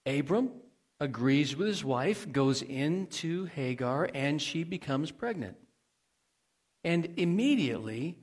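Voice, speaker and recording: A male pastor delivers a sermon in a relaxed, conversational voice pitched a little high. He asks his listeners questions and throws in homespun asides, often restarting his phrases.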